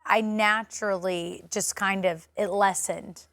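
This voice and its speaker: A woman's voice: medium pitch, steady tone, takes it slowly, a bit bright, dry recording, clean studio sound. A woman from Arkansas with a Southern accent, chatting playfully and giving strong opinions as a morning show co-host. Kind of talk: casual chat.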